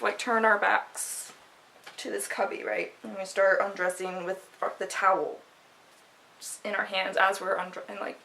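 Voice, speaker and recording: Young woman vlogger, casual and animated storyteller, mid-range voice. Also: mid-range voice, gravelly, poor audio. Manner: chatty, animated, many fillers and restarts.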